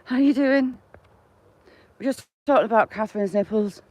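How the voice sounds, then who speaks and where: A woman's voice: a little high, normal speed, darkish tone, dry recording. A woman vlogging live while she walks a countryside path, chatting and laughing with viewers as she greets them by name. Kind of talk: casual live-stream chat while walking.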